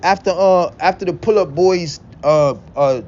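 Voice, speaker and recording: A man's voice: high-pitched, a little slow, a little mellow. Blunt, profane man ranting, lo-fi audio. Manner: blunt, profane, quotes scripture, laughs. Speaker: religious vlogger. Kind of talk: casual profane preachy rant. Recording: dull lo-fi recording with faint vehicle noise.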